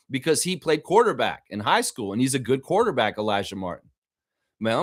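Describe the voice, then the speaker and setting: Male fan-show host, lively swooping delivery, heated and profane rant, slightly high voice. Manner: animated, profane, indignant.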